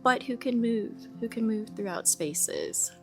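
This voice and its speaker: A woman, an early childhood educator speaking as a guest in a relaxed podcast conversation, calm and reassuring as she explains things patiently. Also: on the high side, a little slow, faint music behind.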